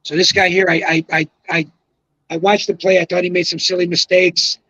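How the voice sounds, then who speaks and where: A man's voice: high voice, little pitch movement, fairly quick, sharp tone, dry recording, lo-fi sound. A man in his seventies, a retired bowling pro, telling long rambling stories with emphatic asides in casual podcast conversation. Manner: rambling, emphatic anecdotal storyteller. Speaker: guest, retired pro bowler.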